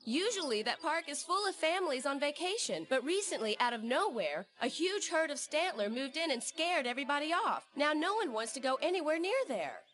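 A brisk policewoman. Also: sits high, very animated, fairly bright tone. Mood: businesslike. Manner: businesslike, matter-of-fact.

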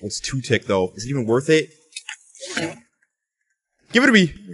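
A man's voice: mid-range voice, big pitch swings, normal speed, long pauses, fairly bright tone, slightly rough. Young man joking through a gameplay stream. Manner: joking, teasing, laughs often. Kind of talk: casual gameplay commentary.

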